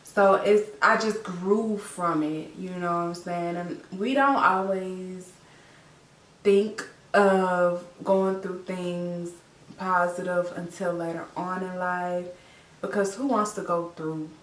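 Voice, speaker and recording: Young woman vlogger, teary, heartfelt, slow, echoey room, a little off-mic. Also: fairly low pitch, steady tone, a bit bright, far from the mic. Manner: heartfelt, tearful, repeats herself with many fillers. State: teary, crying. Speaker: vlogger, new mother. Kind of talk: emotional personal story to camera.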